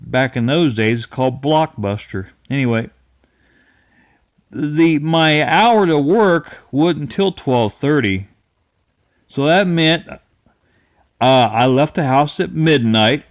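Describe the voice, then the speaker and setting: Slow folksy middle-aged storyteller. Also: male voice, on the high side, expressive, no room sound, clean studio sound. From Ohio-Kentucky area. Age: 50s. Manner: rambling, folksy, chuckling, restarts often. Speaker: channel host. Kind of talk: casual storytelling monologue.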